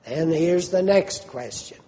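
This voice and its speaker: Man, preacher, emphatic sermon, unhurried delivery, mellow tone, echoing church hall. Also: a little high, expressive. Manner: slow, emphatic preaching with rising quoted questions.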